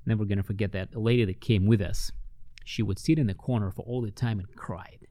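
Man, lively storyteller. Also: brisk, no echo, studio quality. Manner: animated, acts out quoted voices with big pitch jumps. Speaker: ministry worker. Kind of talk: interview storytelling.

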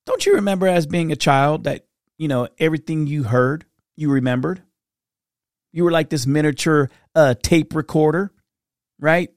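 A middle-aged man hosting a reflective solo podcast, talking earnestly in a storytelling way that turns soft-spoken at times. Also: fairly high pitch, no room sound, studio quality. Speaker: podcast host.

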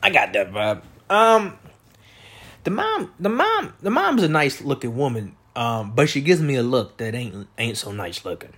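Man, podcast host, husky voice, animated swooping pitch, profane casual rambling. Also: normal speed, hardly any pauses. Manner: profane, meandering, frequent fillers and self-restarts.

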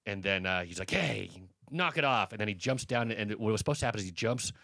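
Low-voiced, rambling storyteller man. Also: very fast, a bit bright, dry recording. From US East Coast. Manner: rambling anecdotes, heavy swearing, many fillers. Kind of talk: casual podcast chat.

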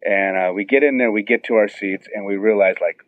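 A middle-aged man excitedly telling a long story and acting out what everyone said, heard over a phone line. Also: lowish voice, brisk, no room sound. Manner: excited, tells it with many quoted voices. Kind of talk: animated storytelling on a phone call. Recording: tinny phone line, dry.

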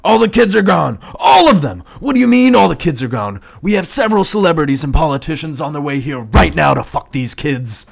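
A man voicing a crude, scheming male captor, higher and louder than his own voice. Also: moderate pace, close to an everyday voice. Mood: frantic.

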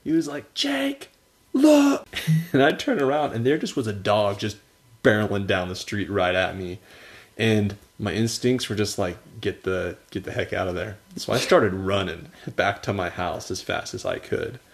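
A man's voice: fairly low pitch, normal speed. A young man co-hosting a podcast, telling stories in casual chat and laughing often. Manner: animated storyteller, laughs often. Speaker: podcast co-host.

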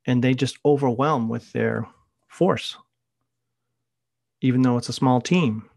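A man's voice: medium pitch, dry recording, clean studio sound. A middle-aged man hosting a podcast, talking casually and telling anecdotes. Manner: conversational, anecdotal storytelling. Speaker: podcast host.

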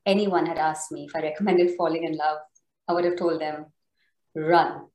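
A woman author reading her memoir aloud in a measured, somber way. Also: on the low side, echoey room, poor audio. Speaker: author guest.

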